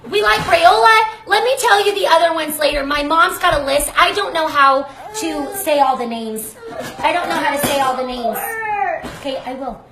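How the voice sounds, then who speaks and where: A woman's voice: sits high, moderate pace, vocal fry, noisy background. A woman hosting a live cooking demonstration from her home kitchen, chatty and effusive, often breaking off mid-sentence. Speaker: cooking show host. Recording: echoey kitchen. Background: baby crying.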